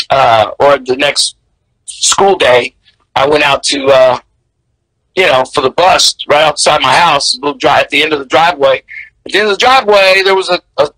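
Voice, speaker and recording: Guy in his 60s telling stories, high bright voice, dry close sound, animated. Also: dry recording, rough recording. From American South. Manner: animated, candid, laughs between memories. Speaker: interview guest. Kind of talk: storytelling in casual interview.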